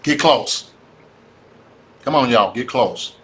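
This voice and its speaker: A man's voice: mid-range voice, slow pace. A man giving a fired-up, preachy livestream talk about real estate, calling out to his audience. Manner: animated, preachy, addresses audience as y'all. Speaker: real estate investor speaker.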